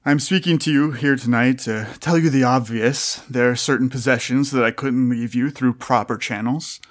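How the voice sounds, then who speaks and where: A smug old chairman who taught cooking, scheming to the last, played by a man. He speaks in a measured, unhurried manner, with a voice neither high nor low. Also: natural voice.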